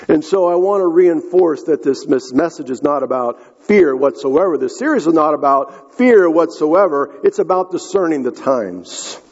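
A man's voice: on the high side, expressive, normal speed, hardly any pauses, darkish tone, slightly rough. A man preaching a sermon as pastor, earnest and given to restarting his phrases, recorded in a large church hall. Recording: dull sound with long hall reverb.

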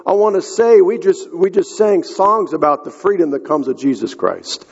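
A man's voice: sits high, lively intonation, normal speed, vocal fry, husky. A man preaching a sermon as pastor, earnest and given to restarting his phrases, recorded in a large church hall. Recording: dull sound with long hall reverb.

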